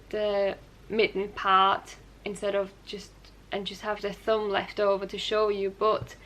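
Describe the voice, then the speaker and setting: A woman's voice: medium pitch, bright, forceful tone. A young woman hosting her knitting podcast, talking casually and rambling a little with light laughs and self-corrections as she shows her work. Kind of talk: casual show-and-tell chat.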